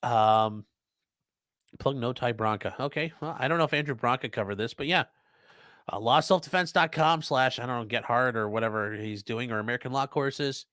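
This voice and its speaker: A man's voice: mid-range voice, moderate pace, fairly bright tone, no echo, clean studio sound. Blunt, profane man reading chat aloud. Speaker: lawyer hosting a live stream. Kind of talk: casual live-stream chat answering viewer comments.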